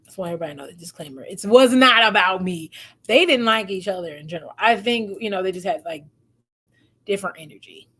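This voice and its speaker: A medium-pitched, slightly rough female voice moves quickly as she gives relationship advice as a host. She tells her stories in a lively, casual way, mimicking what people said and laughing a lot.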